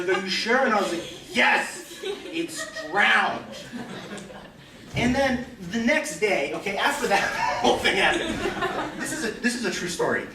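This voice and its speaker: A teenage boy doing stand-up, rambling and self-deprecating, stumbling over restarts and jumping into high squeaky voices when he quotes people. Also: animated, moderate pace, a crowd in the background. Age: teens. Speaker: student stand-up comic. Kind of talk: stand-up storytelling. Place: school auditorium stage. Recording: echoey hall, from far off. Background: audience laughter.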